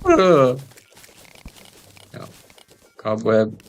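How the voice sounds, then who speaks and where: A man's voice: fairly low pitch, fairly even intonation, measured pace, gravelly, a bit bright. A man joking and rambling through casual gameplay commentary, often trailing off into mumbled asides. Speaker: gamer recording gameplay.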